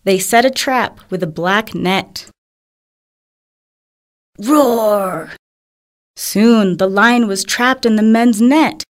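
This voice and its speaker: A woman narrating a children's fable in a clear, simple storybook manner. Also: on the high side, unhurried, few pauses.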